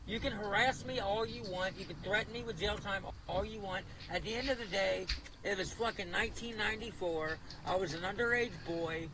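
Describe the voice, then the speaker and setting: A man's voice: high voice, brisk. A man livestreaming from his car on a phone, talking in a defensive, aggrieved way. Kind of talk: casual livestream talk. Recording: car livestream with loud road noise.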